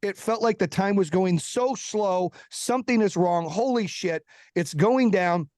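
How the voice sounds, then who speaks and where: A man with a high, slightly mellow voice guests on a podcast and relates a long personal story in casual, foul-mouthed talk. He keeps the pace quick and acts out everyone's quotes. The sound is studio quality with no room sound.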